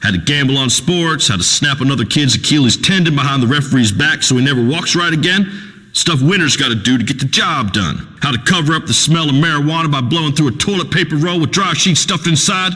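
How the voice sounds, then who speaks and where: A crude, pompous radio host, booming through a long hall reverb. His voice rides high and bright, swinging up and down as he blusters in folksy broken grammar. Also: a little fast. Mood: preachy. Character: crude redneck male talk radio host. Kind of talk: comedic radio talk show acting.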